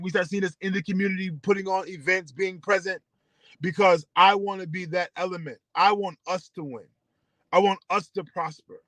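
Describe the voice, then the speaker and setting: A man's voice: high-pitched, fairly bright tone, dry recording, rough recording. A man hosting a community radio station, speaking earnestly with preacher-like repetition as he rallies his listeners. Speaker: internet radio station host. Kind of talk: passionate community address.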